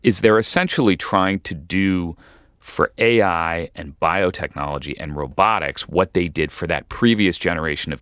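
A man, a journalist, explaining at length in a measured way as a guest in a radio interview. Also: sits low, a bit bright, no room sound, studio quality. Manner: measured, explanatory, with occasional restarts.

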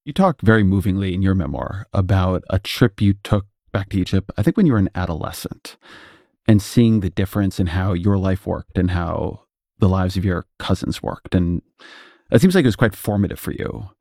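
A man hosting an interview, asking thoughtful, measured questions. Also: sits low, gravelly, a little mellow, dry recording, studio quality. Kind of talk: conversational interview.

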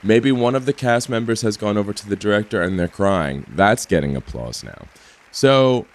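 A man's voice: on the low side, animated, normal speed. A man interviewed as a reporter, explaining things in a lightly wry way. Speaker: interviewed journalist. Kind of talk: interview clip.

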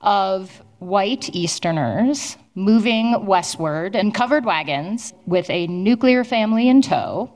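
A woman historian answering interview questions at a public event, telling stories in an animated, explanatory way. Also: mid-range voice, takes it slowly, hardly any pauses.

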